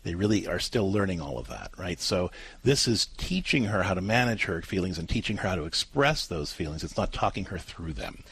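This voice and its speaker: A man's voice: low voice, sing-song, fairly quick, gravelly, fairly bright tone, slightly rough. A man co-hosting a parenting advice show, explaining at length with frequent restarts and fillers.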